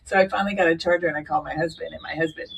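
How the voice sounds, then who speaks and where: A woman guest telling her story in casual chat, animated and laughing often. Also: sits low, very fast, gravelly, recorded from a distance, noisy background.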